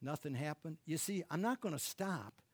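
Middle-aged preacher guy, kinda high voice, fervent, gets loud, dry close sound. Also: animated, moderate pace, breathy edge, no room sound. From Michigan, USA. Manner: fervent, rising to loud exclamations. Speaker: pastor. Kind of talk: sermon with prayer.

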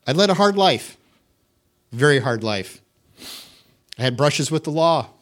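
A man's voice: on the high side, expressive, a little slow. A middle-aged man from the United States giving a candid, self-deprecating personal testimony in a church, with wry humor.

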